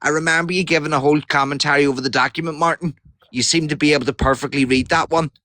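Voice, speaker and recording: A man in a heated live-stream argument. He is combative and sweary and keeps talking over people. His voice sits a little high and sounds close and dry. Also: fairly even intonation, fast talker, sharp tone, no echo. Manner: confrontational, sweary, talks over others.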